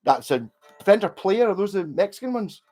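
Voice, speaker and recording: A man's voice: sits high, big pitch swings, moderate pace, darkish tone, soft background music. A Scottish man hosting a casual live stream from home, chatting in a rambling way and swearing now and then. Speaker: livestream host. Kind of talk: casual livestream chat.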